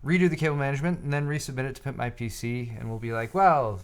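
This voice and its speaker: A man's voice: mid-range voice, racing, smooth. A young man co-hosting a live tech show, with a mid-range voice and a casual, joking tone. He talks loosely and gives build advice between bursts of teasing banter. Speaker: co-host of a hardware show.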